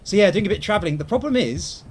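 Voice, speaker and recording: A man's voice: sits high, animated, rapid-fire, slightly rough. A young man chatting casually and rambling as he streams a video game, poking fun at himself. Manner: chatty, rambling, self-deprecating. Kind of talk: casual gameplay commentary.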